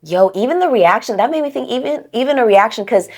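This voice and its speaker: A young woman co-hosting a podcast in casual chat, reacting with quick, expressive interjections and laughs. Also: on the high side. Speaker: podcast co-host.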